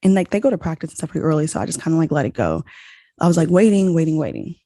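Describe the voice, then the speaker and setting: A young woman hosting a podcast, telling a story in a casual, animated way and saying "like" a lot. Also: sits low, rapid-fire, no room sound. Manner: animated, heavy use of "like", acts out quoted dialogue. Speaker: podcast host.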